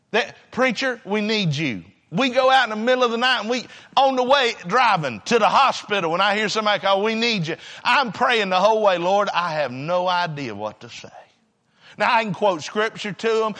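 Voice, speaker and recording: A man preaches a sermon in a high, bright voice. He moves deliberately, then surges into shouts before dropping to hushed, almost whispered passages. A long reverb hangs around him, as in a large hall. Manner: dramatic, swinging between shouting and hushed near-whispers.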